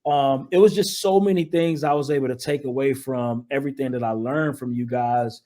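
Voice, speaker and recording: A man who is an investor, a guest in a casual interview, with a smooth, cool late-night DJ voice. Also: medium pitch, fairly even intonation, normal speed, mellow.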